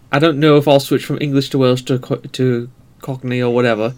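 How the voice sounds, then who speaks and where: A man co-hosting a gaming podcast, chatting in a relaxed, self-deprecating way. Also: mid-range voice, a little fast, few pauses. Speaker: podcast co-host. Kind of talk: casual chat.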